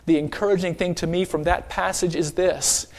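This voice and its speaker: High-voiced, emphatic preaching man. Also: fairly even intonation, moderate pace, darkish tone. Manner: emphatic, calls for amen. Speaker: pastor. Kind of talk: sermon.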